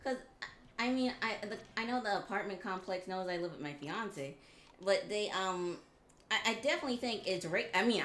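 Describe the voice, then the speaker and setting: A woman from Georgia in the US, a guest on a game stream, venting in blunt, profane talk with halting restarts. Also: mid-range voice, fairly bright tone. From Georgia, USA. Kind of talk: casual chat on a game stream. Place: home room. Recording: roomy echo.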